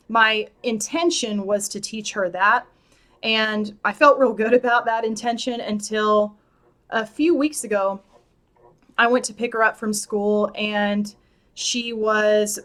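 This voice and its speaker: A woman's voice: mid-range voice, a bit bright. Candid, emotional woman talking to camera. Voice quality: candid, emotional, swears freely. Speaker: host. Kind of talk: casual Q&A talk to camera.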